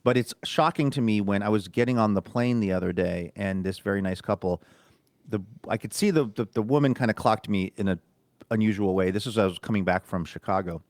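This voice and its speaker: A man co-hosting a podcast, telling stories in a casual chat and acting out quoted lines in an animated way. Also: lowish voice, brisk, dry recording. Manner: animated storytelling, acts out quotes. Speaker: podcast co-host.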